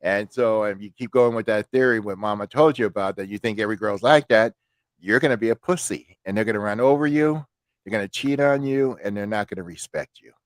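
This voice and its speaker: Man, podcast host, crude joking storyteller, lowish voice, dry close sound. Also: fairly quick, dry recording. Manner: crude, joking storyteller who acts out his mother's lines. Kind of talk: casual storytelling chat.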